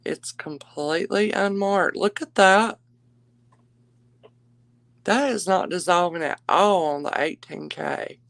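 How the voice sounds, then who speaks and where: Lady doing a live jewelry sale, slow and sweet, lowish voice, dry close mic. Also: gravelly, no room sound, rough recording. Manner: chatty, gushing and affectionate, calls viewers darling and y'all. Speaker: live jewelry auction host. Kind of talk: casual live-stream selling chat.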